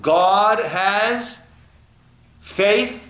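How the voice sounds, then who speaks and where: A man teaching as a rabbi in an informal class, speaking slowly with a fairly high voice. He acts out small scenes as he goes. The room gives his voice a roomy echo. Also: sharp tone. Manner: unhurried, acts out little dialogues. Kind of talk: informal text study lesson. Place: echoey room at a lunch study group.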